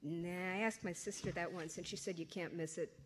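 A woman's voice: lowish voice, fairly even intonation, fairly quick, noisy background, natural voice. A woman reading aloud, voicing a sly teenage girl who teases her friend in a mocking, conspiratorial way. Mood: teasing.

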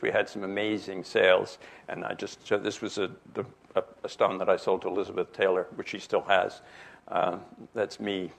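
A man in his sixties from New Jersey gives an illustrated lecture in a fairly low, gravelly voice. He tells it as a string of anecdotes, full of fillers and restarts. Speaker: jewelry expert giving a lecture.

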